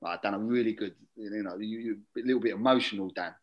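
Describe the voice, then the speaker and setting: A man telling a long casual anecdote as an interview guest, chatty and drifting into quiet muttered asides. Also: fairly low pitch, fast talker, lo-fi sound. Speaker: guest, former footballer.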